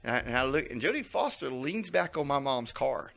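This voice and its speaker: A man's voice: medium pitch, big pitch swings, fairly quick, creaky, fairly bright tone. A man telling a story on a casual podcast, acting out quotes and laughing often. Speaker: podcast co-host.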